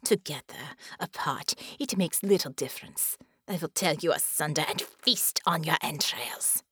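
A woman's voice: unhurried, bright, forceful tone, breathy edge, no room sound, clean studio sound, full character voice. A woman voicing a growling alien warlord. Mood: menacing. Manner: growling, low menacing threats. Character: towering alien female warlord, savage, boastful.

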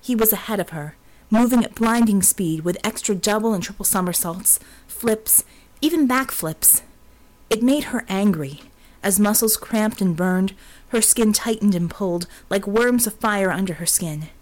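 A woman reading a novel aloud as an audiobook narrator, steady and expressive. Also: medium pitch, moderate pace. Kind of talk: scripted narration.

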